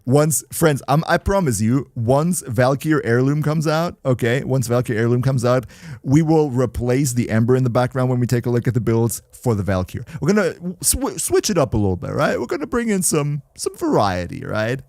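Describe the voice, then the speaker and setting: A man chatting casually while streaming a game, playful and quick to laugh, often stumbling and restarting his sentences. His voice is mid-pitched but moves a lot. The sound is dry and close with no room around it. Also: very animated, a little mellow, dry recording. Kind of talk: casual livestream chat.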